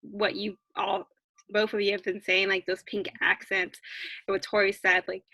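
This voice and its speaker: A woman's voice: medium pitch, flat delivery, normal speed, bright, forceful tone, no echo, rough recording. A woman co-hosting a podcast, chatting casually and eagerly with lots of fillers. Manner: enthusiastic, many fillers. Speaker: podcast co-host. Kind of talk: casual chat.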